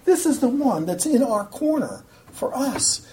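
A woman's voice: high-pitched, very animated, measured pace, mellow, slight background noise. A woman teaching from the Bible in a conversational sermon, acting out quoted voices as she goes.

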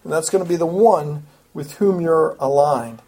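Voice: moderate pace, dark tone. A preacher teaching through scripture verse by verse, with earnest emphasis and repeated, restarted phrases. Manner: earnest, emphatic, rises in pitch and volume when stressing a point; talks in repeating, back-and-forth phrases with small restarts. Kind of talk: expository Bible teaching.

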